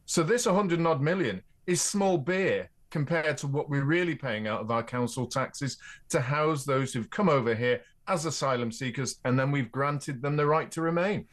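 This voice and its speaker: A man's voice: medium pitch, normal speed. An Englishman as a radio guest, explaining his case firmly and citing figures. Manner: firm, explanatory, cites figures. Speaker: studio guest, commentator. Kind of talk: talk radio discussion.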